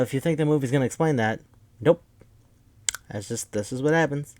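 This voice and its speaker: A man casually recapping a movie plot, rambling, swearing, and acting out the characters' lines in quick bursts. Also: mid-range voice, a little mellow, no echo. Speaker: podcast host.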